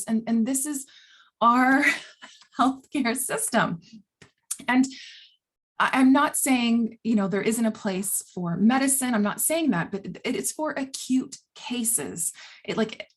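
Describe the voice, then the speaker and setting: A woman speaking as a holistic health coach in a casual, earnest vlog monologue, animated and blunt, often laughing between phrases. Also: on the high side. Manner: blunt, self-described swearer.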